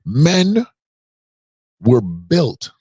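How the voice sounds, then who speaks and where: A man's voice: fairly high pitch, huge pitch swings, extremely slow, dark tone, slightly rough, no room sound, highs cut off. A man around forty giving an emphatic, preachy opinion monologue on a podcast. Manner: emphatic and preachy, drawing out key words. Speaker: podcast commentator.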